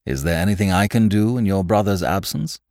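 A man voicing an earnest, somewhat flustered gentleman detective in an audiobook, polite and anxious. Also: low-pitched, fairly quick, no room sound, clean studio sound. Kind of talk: audiobook character voice.

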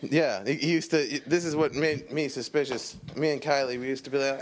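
Rambling comedian telling a story. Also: male voice, medium pitch, fairly even intonation, fairly quick, hardly any pauses, slight background noise. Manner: rambling storyteller, frequent restarts. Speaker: comedian guest and producer. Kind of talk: casual podcast chat.

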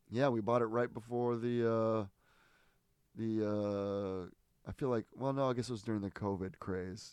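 Rambling, amused low-voiced man chatting. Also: a little mellow, clean tone, no echo. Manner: rambling, self-interrupting, amused storytelling. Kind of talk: casual chat.

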